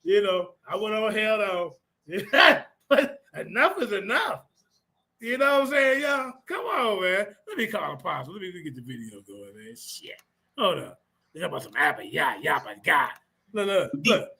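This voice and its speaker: A man hosting a livestream, talking in a loud, profane, mocking way and repeating himself. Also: high voice, very animated, normal speed, gravelly. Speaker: livestream host. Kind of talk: mocking casual commentary.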